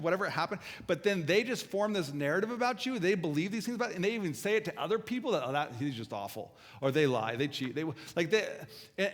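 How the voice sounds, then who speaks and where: A male pastor preaching a conversational sermon, earnest and self-deprecating, with asides to the congregation. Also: on the high side. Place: church auditorium. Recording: long hall reverb.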